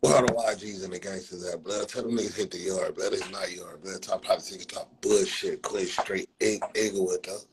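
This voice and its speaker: A man's voice: low-pitched, steady tone, a little fast, few pauses, very noisy. A man hosting a livestream, ranting and roasting people in a profane, mocking way. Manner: profane, mocking, repeats "blood" as a filler. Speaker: livestream host. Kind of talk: casual roast rant on a livestream. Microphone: phone livestream mic.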